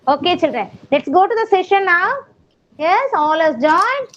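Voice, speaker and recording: A young woman with an Indian English accent teaching a nursery class online, coaxing small children in a slow, sing-song way over a video call. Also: very high-pitched, big pitch swings, fairly bright tone, a little hiss or hum. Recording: dull lo-fi video call audio.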